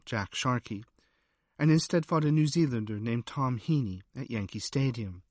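A man reading a nonfiction history aloud as an audiobook narrator, measured and wry. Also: medium pitch, no room sound. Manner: measured, dry storytelling with wry asides.

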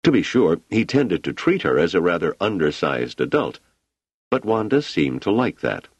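A man narrating an audiobook with an expressive, dramatic reading. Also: low-pitched, normal speed, slightly rough, no room sound.

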